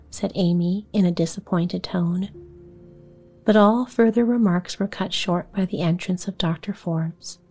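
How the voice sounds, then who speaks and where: A woman narrating a bedtime story for a sleep podcast in a hushed, slow, soothing voice. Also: on the low side, fairly even intonation, soft background music. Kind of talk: whispered bedtime story reading.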